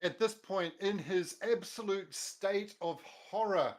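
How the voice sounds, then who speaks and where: A player with a mid-range voice calmly describes a character's actions in a tabletop game. The tone is plain and conversational. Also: mid-range voice, takes it slowly. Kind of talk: tabletop game play, casual chat.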